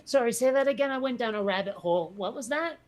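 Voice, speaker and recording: A woman's voice: a little high, animated, fast, a little mellow. A woman co-hosting a podcast in casual chat, blunt and wry, rambling through her thoughts. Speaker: podcast co-host.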